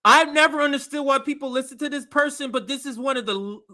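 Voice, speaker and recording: A man reacting to a video clip with a high, bright, sharp voice. He sounds mocking and incredulous. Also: fast. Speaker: commentary co-host.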